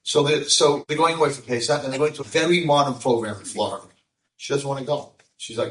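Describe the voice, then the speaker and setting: An older man, a rabbi, tells a story to an audience in an animated way and acts out the voices of the people in it. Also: mid-range voice, fast. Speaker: rabbi giving a talk. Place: lecture room with audience. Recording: echoey room, mic at a distance.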